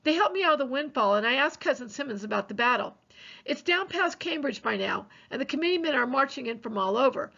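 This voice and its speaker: A woman's voice: high-pitched, animated, fast talker, gravelly, fairly bright tone, full character voice. A woman voicing a weary male village reverend who speaks plainly and reassuringly. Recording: dull lo-fi recording.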